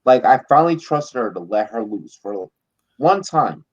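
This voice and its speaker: A man hosting a casual late-night live stream, drinking and telling rambling, profane, animated stories. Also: mid-range voice, moderate pace. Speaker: podcast host. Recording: dull lo-fi stream audio.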